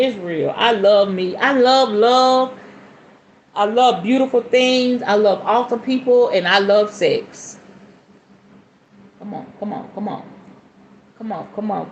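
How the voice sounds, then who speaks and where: A woman in her forties hosting a casual spiritual podcast, chatty and animated, calling listeners honey and y'all, with sudden whoops. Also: fairly high pitch, reverberant, lo-fi sound, a little hiss or hum. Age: 40s. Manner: sudden whoops and shifts between fast and slow. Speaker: podcast host.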